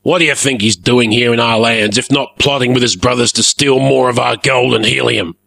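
A man voicing a gruff, blustering male airship pirate captain who barks his orders, in a storybook reading. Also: mid-range voice, fairly even intonation, moderate pace, bright, forceful tone, no room sound, voice pushed up. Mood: menacing.

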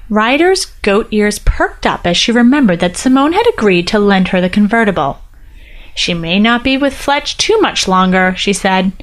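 A woman reading a short story aloud, lightly lifting her voice for the characters' dialogue. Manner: reads all characters lightly, with small pitch lifts for dialogue. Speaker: narrator. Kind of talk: scripted narration.

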